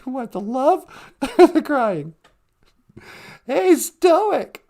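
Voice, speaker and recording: A woman with a high, very lively voice chats casually on a live stream. She takes her time, laughing often and reading out viewer comments. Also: drawn-out words, gravelly, long pauses. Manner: laughs often while talking. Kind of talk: casual chat with chat readers.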